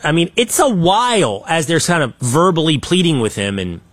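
A man hosting a political talk show, giving opinionated commentary and acting out quotes in an animated way. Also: on the high side, moderate pace. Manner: animated, acts out quotes in his own voice, trailing restarts.

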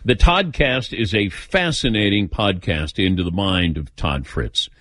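Lively-voiced man hosting sports radio. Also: fairly low pitch, a little slow, few pauses, no room sound. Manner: lively, wry, conversational delivery. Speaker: sports talk show host.

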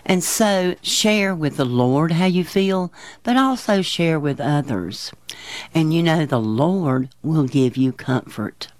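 Male devotional teacher, unhurried and soothing, earnest tone, dry close sound. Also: a little high, expressive, no echo. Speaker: Bible teacher. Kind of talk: gentle devotional talk for children.

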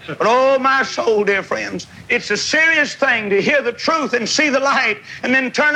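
Preacher guy hollering a tent revival sermon, high cutting voice, folksy and fired up. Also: a little slow, bright, forceful tone, poor audio. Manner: fiery, folksy, emphatic, scolding. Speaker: evangelist preacher. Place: large revival tent with crowd.

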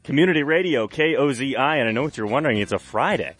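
A man's voice: mid-range voice, racing, a bit bright, breathy edge, faint music behind. A man with a nasal voice hosting community radio from the studio, chatting in a jokey, self-deprecating way. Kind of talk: casual live radio chat.

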